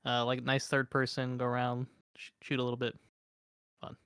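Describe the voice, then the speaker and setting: A man's voice: medium pitch, completely flat delivery, moderate pace, a bit bright, clean tone, dry recording, clean studio sound. A young man co-hosting a gaming podcast, rambling casually with lots of "like" fillers. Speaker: podcast co-host. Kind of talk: casual chat.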